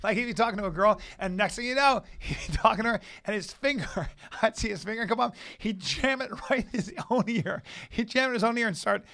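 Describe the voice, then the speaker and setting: Bright, high-voiced storyteller man. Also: fairly quick, hardly any pauses. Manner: animated storyteller, drops to a low mutter for asides. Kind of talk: casual storytelling chat.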